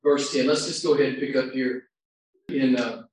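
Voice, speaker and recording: A male pastor preaching a sermon, shifting between quiet reflection and loud shouts, recorded far from the mic in a large church hall. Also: medium pitch, steady tone, normal speed, a little hiss or hum. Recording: very echoey hall, distant mic.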